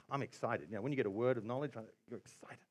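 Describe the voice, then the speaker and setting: A man preaching a sermon as pastor, telling a story with quoted asides and bursts of excitement. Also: mid-range voice, fast talker.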